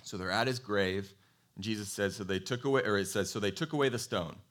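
A man preaching a sermon in a conversational, animated way, telling a Bible story and asking his congregation questions. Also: on the low side, a little fast. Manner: animated storytelling, acts out quoted voices. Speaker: pastor.

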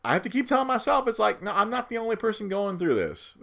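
A man's voice: high-pitched, sing-song, fairly quick, creaky, bright, forceful tone. A man in his thirties, a new father, talking casually and rambling, repeating words as he goes and often laughing at himself. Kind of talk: casual chat.

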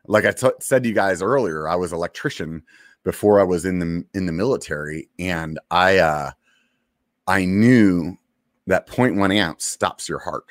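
A man in his forties, a military veteran, casually telling a story from his service, laid-back and profane with lots of fillers and pauses. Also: low voice, dry recording, studio quality.

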